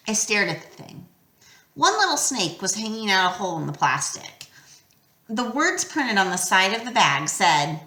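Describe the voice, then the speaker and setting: Woman reading a kids novel, bright, lively, echoey room. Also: medium pitch, normal speed. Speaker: audiobook reader. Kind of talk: storybook narration. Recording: roomy echo.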